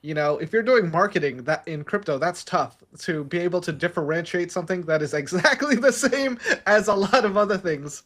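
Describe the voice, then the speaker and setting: A man's voice: sits high, animated, brisk, few pauses, a bit bright. A man hosting a casual chat over a video call, joking and laughing often as he talks. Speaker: podcast host.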